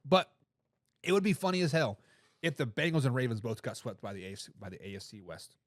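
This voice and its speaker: A man hosting a live sports talk show, giving loud opinions on football and reading out viewer comments. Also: medium pitch, fast talker, dry recording. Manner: animated, opinionated, reads chat comments aloud.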